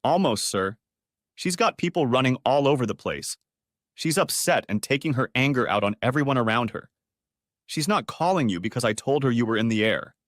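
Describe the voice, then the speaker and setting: A man doing a brisk, devoted female assistant. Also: medium pitch, lively intonation, dry recording, clean studio sound, lightly acted. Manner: brisk, efficient, respectful.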